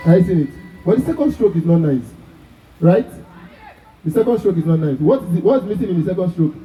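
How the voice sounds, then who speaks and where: A man's voice: sits high, lively intonation, brisk, warm tone. A man with a Nigerian accent teaching drum technique to a class, constantly asking if they are following. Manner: asks the class constant check questions. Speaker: drum instructor. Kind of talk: live drum workshop teaching. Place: large echoey room at a festival workshop. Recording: echoey room, from far off.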